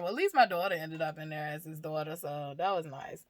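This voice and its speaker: Low-voiced woman, frank and profane, half-laughing through heavy subjects, dry close recording. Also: a little fast, few pauses, dry recording. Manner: candid, swears freely, laughs through hard topics. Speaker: mother and vlogger. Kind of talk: casual personal talk about grief.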